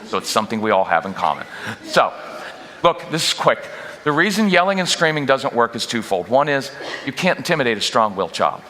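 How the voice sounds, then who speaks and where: A man giving a lively parenting workshop to a church audience, joking and acting out what parents and kids say. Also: medium pitch, a little fast. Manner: energetic, jokey, acts out quoted parents and kids. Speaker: guest parenting speaker. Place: church auditorium. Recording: long reverb of a large church hall.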